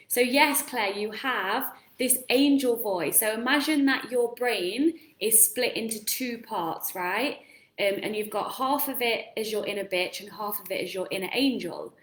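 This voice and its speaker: Her voice runs on the high side, a bit bright and unhurried, as she coaches viewers during a casual live stream. Earnest and encouraging, the self-help coach poses plenty of questions to them, all heard through a roomy echo.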